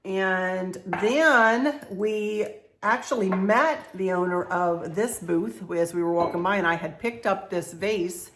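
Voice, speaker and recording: A woman's voice: medium pitch, slow, a bit bright, a little hiss or hum. A middle-aged woman, talking through a home decor haul in a chatty, confiding way. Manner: chatty, confiding, laughs often. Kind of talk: casual show-and-tell haul video.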